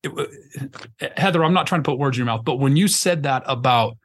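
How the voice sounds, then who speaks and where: A man's voice: mid-range voice, fairly quick. A man hosting a podcast conversation, talking in a rambling, emphatic way, restarting often as he searches for words and swearing casually. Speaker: podcast host.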